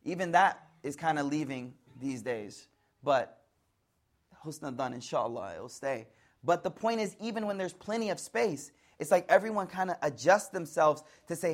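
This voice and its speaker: An African American man from the United States giving a lively, conversational religious lecture, acting out voices to show tone. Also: on the high side, moderate pace. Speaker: Islamic teacher.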